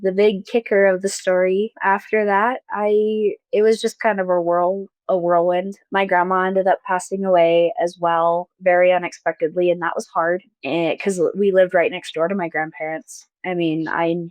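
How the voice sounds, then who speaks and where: A young woman telling a painful personal story as a podcast guest, halting and soft, with pauses and fillers. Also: fairly low pitch, level tone, clear, resonant tone, dry recording, dull audio.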